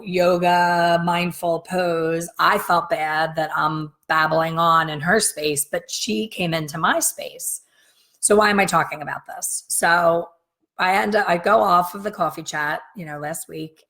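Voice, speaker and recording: A middle-aged woman with a slightly raspy voice tells a long, rambling story straight to her viewers. She talks casually and acts out the lines of the people in her story. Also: fairly low pitch, a bit bright. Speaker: hair colorist and business coach. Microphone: facing camera, talking straight to viewers.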